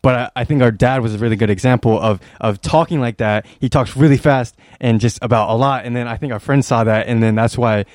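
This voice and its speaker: A man's voice: medium pitch, fairly quick, hardly any pauses, a little mellow, no echo, studio quality. A young man co-hosting a podcast, talking earnestly and rambling with many restarts. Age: young adult. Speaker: podcast co-host. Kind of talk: casual chat.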